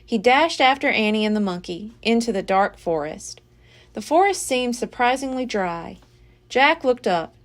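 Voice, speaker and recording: Woman, library storyteller, children's book read-aloud, expressive, lively pitch. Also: moderate pace. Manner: expressive, dramatic reading.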